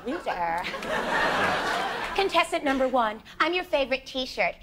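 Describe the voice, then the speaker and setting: Playful high-voiced woman asking questions. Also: big pitch swings, unhurried, heavy background noise. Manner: playful, teasing, laughs between questions. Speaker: improv performer asking the questions. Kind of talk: improv comedy game show. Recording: loud studio audience.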